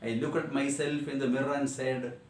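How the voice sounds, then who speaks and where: A man's voice: medium pitch, flat delivery, brisk, recorded from a distance, a little hiss or hum. A man with an Indian English accent teaching a class lesson, repeating and rephrasing each line and asking rhetorical questions. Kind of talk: classroom lesson explaining a text. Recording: echoey room, voice away from mic.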